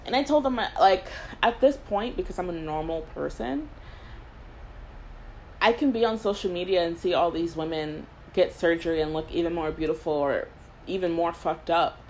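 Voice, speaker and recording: Podcast host, woman, 20s: rambling casual storyteller, voice a touch low, faint hiss in the background. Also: normal speed, a little mellow, poor audio. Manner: rambling storyteller, heavy use of "like"; laughs between thoughts. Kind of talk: casual chat.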